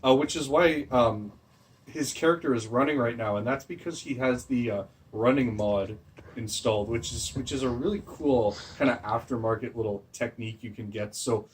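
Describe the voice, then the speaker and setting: A man with a middle-pitched voice co-hosts a comedy gaming video. He reads out donations and plugs in a dry, fake-salesy presenter tone. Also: normal speed, a little hiss or hum. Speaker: co-host.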